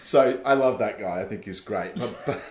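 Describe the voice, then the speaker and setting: A man chatting casually as a podcast host, animated and swearing, acting out quotes. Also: on the low side, normal speed, echoey room, a crowd in the background. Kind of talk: casual chat.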